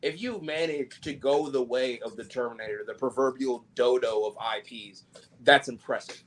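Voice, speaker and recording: A man co-hosting a podcast, chatting casually about movies with a joking, profane, animated manner. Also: medium pitch, normal speed. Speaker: podcast co-host. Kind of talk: casual chat.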